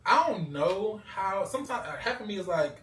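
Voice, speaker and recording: A man's voice: high-pitched, very animated, normal speed, a bit bright. A man in his thirties telling a personal story in a casual, blunt, rambling way with plenty of swearing. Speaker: show cast member.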